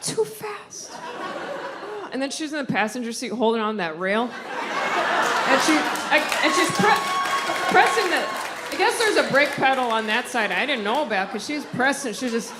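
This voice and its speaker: Woman stand-up, high and lively, unhurried, audience noise. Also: a loud crowd. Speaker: stand-up comedian. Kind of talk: stand-up routine. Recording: loud audience noise in a venue.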